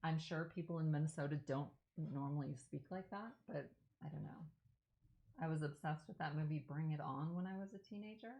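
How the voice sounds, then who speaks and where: Working on a craft during her live stream, a woman chats with viewers and answers their questions, rambling, self-correcting and enthusing about films. She speaks fairly quickly in a deep, mellow voice, and the recording is rough.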